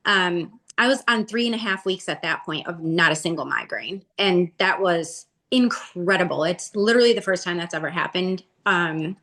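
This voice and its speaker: A woman's voice: lowish voice, normal speed, few pauses. A woman in her forties, an interview guest, telling her story casually and acting out what people said with a rising voice. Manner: animated, acts out quotes with a rising voice.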